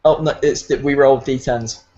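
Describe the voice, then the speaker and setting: A man's voice: medium pitch, fairly even intonation, a little fast, a little mellow, highs cut off. A man with a British accent narrating as game master, rambling with many fillers.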